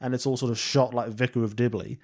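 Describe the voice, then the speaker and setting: A man's voice: medium pitch, level tone, fast, darkish tone. A man co-hosting a podcast, talking in a rambling, casual way with many fillers and frequent laughs. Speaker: podcast co-host. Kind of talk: casual film discussion chat.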